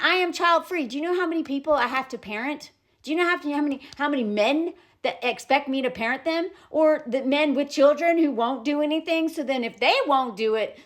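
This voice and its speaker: A woman records herself talking to camera in an opinionated commentary vlog. Her voice sits high and leaps around as she tells the story, and her tone is animated and indignant. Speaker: vlogger. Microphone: self-recorded to camera.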